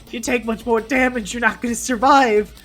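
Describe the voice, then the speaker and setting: Woman streamer, giggly, excitable game commentary, faint music behind. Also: on the high side, fairly quick. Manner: playful, laughing and excitable.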